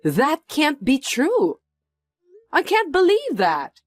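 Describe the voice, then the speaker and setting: A woman's voice: sits high, huge pitch swings, slow pace, dry recording, exaggerated voice. A woman playing a snobbish, taunting rich woman. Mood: indignant. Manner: condescending, taunting. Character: snobbish, mocking wealthy woman.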